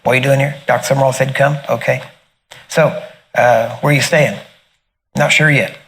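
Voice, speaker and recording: A middle-aged man tells a personal story in a loose, animated way. His voice sits at an ordinary middle pitch, and he laughs often as he acts out the voices of the people in it. A faint background hiss runs under the recording. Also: moderate pace, creaky. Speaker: minister sharing a testimony. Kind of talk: casual storytelling testimony.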